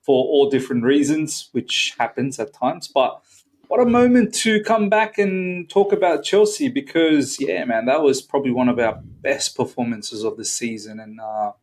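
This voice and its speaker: A man co-hosts a casual fan podcast. He speaks in a relaxed, easygoing way at a middle pitch. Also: moderate pace. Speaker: podcast co-host. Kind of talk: casual chat.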